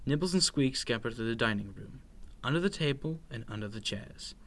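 A man reading a children's picture book aloud in an expressive, playful, sing-song way. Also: medium pitch, a little fast, slight background noise. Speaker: storyteller.

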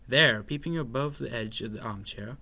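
A man reading a children's bedtime story aloud with expressive, sing-song narration. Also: mid-range voice, moderate pace, vocal fry.

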